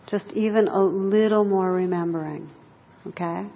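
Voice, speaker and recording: A woman's voice: medium pitch, fairly even intonation, normal speed, creaky. Woman giving a reverberant dharma talk. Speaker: meditation teacher. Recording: lo-fi hall recording with long reverb.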